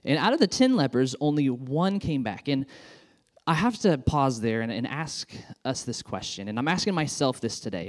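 A male pastor preaching with warm enthusiasm, chatty and informal, dotting his talk with ums and uhs. His voice sits at an ordinary middle pitch. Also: sing-song, normal speed. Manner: enthusiastic, conversational with many fillers. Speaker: children's pastor. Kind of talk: sermon.

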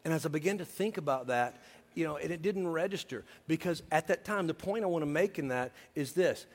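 A male preacher with a notably high voice that rings through a large church hall with a long reverb tail. He tells personal stories with a humorous, confiding touch, then turns earnest as he urges his listeners on. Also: expressive, fairly quick. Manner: humorous, confiding storyteller turning to earnest exhortation. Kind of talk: sermon with personal storytelling.

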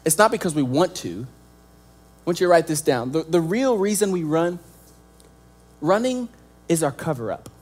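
A young man preaching a sermon as pastor, animated and joking, acting out little scenes as he goes. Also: on the high side, moderate pace, pauses often.

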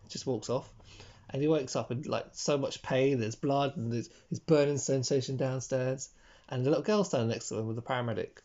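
A man co-hosting a podcast in casual chat, jokey and quick to laugh, on a dull lo-fi recording. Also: medium pitch, fairly even intonation, darkish tone. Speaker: podcast co-host.

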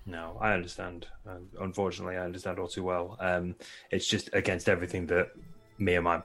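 A man's voice: low-pitched, level tone, a little fast, fairly bright tone. A man playing a tabletop game, speaking earnestly and politely, with some fillers. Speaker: player. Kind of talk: in-character tabletop play.

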